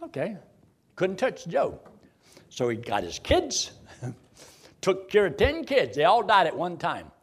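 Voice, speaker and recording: A man preaching a sermon in a dramatic, folksy style, firing off rhetorical questions. His voice runs high and swings widely, rising and falling for effect. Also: huge pitch swings, slow, long pauses, husky.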